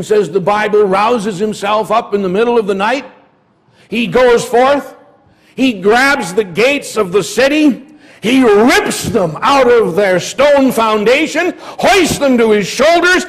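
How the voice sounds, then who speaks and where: A man's voice: extremely high pitch, fairly bright tone. A man preaching a sermon in a church, retelling a story dramatically. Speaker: pastor.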